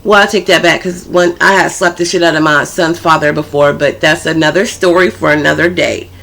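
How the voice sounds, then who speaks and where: A woman's voice: low-pitched, steady tone, fairly quick, gravelly, a bit bright. A woman vlogger casually telling a personal story, chatty and full of profanity. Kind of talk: storytime vlog.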